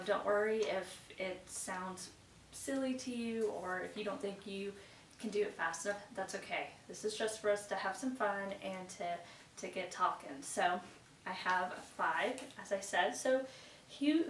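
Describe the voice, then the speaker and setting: A woman's voice: mid-range voice, moderate pace, fairly bright tone, far from the mic. Woman teacher running a pronunciation class, lots of praise, sounds a bit away from the mic, faint hiss. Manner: encouraging, praises often, recites tongue twisters carefully. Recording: roomy echo, voice away from the mic, faint background noise.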